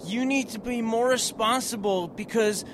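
A man's voice: very high voice, moderate pace. A man playing an earnest young boy lecturing the hurricane about responsibility. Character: young boy from the storm-hit family. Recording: noisy outdoor recording.

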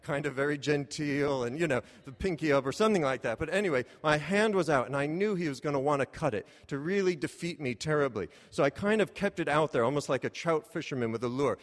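A man spins a comic story about himself, animated and self-mocking, sometimes bursting into loud cries. His voice sits a little high, and a long reverb from a large hall trails each phrase. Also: fast talker, hardly any pauses.

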